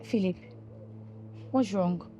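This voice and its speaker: A woman's voice: mid-range voice, slow pace, dark tone, soft background music, natural voice. An actress playing a hurt young wife who defends herself emphatically and keeps repeating her words. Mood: puzzled. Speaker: partner. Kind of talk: film drama acting.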